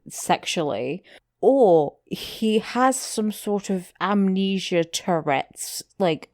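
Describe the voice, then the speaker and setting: A woman's voice: on the low side, darkish tone, no echo, studio quality. A young woman co-hosting a podcast, making joking asides and laughing often. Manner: joking, giggly, loose asides. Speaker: podcast co-host. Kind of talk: casual chat.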